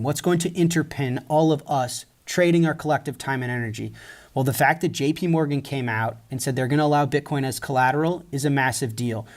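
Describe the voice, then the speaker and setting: A man giving animated, emphatic commentary to viewers, mocking others, acting out their quotes and swearing casually. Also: medium pitch.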